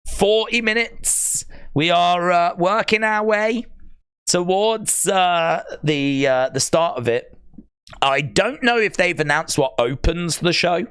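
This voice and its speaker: Brief: male stream host, rambling and excitable, smooth resonant voice on a dry close mic. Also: high-pitched, takes it slowly, dry recording. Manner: excitable, rambling, answers chat messages. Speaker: live stream watch-along host. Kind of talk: casual live-stream chat.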